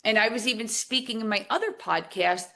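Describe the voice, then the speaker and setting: A middle-aged woman from New Jersey, a podcast guest talking casually, animated and emphatic as she tells stories. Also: a little high, a little fast, creaky. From New Jersey, USA. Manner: animated storyteller, lively emphatic outbursts. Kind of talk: casual conversational interview.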